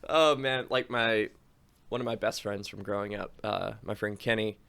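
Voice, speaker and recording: A man's voice: on the low side, fairly even intonation, moderate pace, gravelly, a bit bright, smooth. A man co-hosting a podcast in casual chat, laughing and swearing freely as he tells stories. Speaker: podcast co-host.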